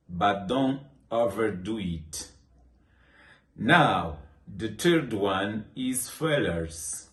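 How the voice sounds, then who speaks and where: A man teaching English in a scripted lesson, speaking in slow, deliberate phrases and acting out short example sentences. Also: lowish voice, echoey room.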